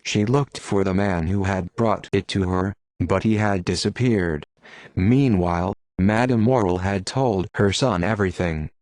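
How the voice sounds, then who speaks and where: A man reading a classic novel aloud in a measured, steady narration. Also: sits low, no echo. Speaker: audiobook narrator. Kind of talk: scripted narration. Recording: dry close sound.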